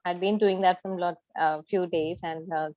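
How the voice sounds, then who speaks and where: A woman speaks on a group video call. She talks hesitantly, with many pauses and fillers. Her audio is dry and a little dull. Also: fairly low pitch, steady tone, no room sound.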